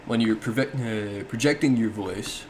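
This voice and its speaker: A man's voice: fairly low pitch, measured pace, a little hiss or hum. A man giving a casual explanatory monologue, thinking aloud with frequent self-corrections and small laughs. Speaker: solo podcast host.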